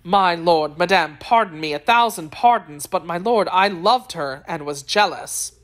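A woman's voice: fairly low pitch, measured pace, natural voice. Woman doing a hotheaded young swordsman, earnest and impassioned, audiobook style. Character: hot-headed young male swordsman, jealous and rash.

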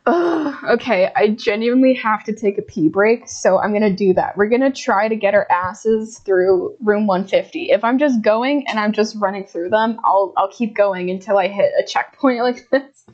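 A woman's voice: medium pitch, normal speed, darkish tone, dull audio. A woman streaming a horror game, swearing and laughing at her own scares as she comments. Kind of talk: live gameplay commentary.

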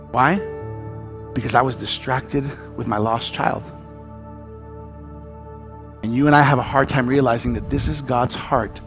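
A man preaching a sermon as a pastor, telling a story with animated delivery and acting out panicked shouts and dialogue. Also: mid-range voice, moderate pace, music in the background.

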